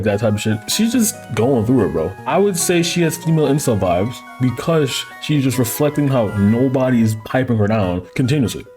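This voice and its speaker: A man's voice: on the low side, darkish tone. A man hosting a casual anime review, talking in crude slang with frequent laughing asides.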